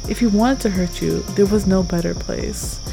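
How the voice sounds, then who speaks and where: A woman narrating a tense second-person audio story in a measured way. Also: medium pitch, gravelly, poor audio. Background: music.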